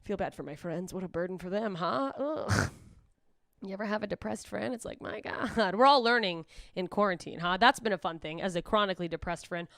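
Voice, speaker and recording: A young woman rambles through a self-deprecating stand-up set, speaking straight to a camera with no audience. Her delivery is deadpan, broken by sudden high squeals when she quotes people. The voice is smooth and clear, recorded close and dry. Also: fairly quick, no echo. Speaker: stand-up comedian. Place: club stage streamed with no live audience.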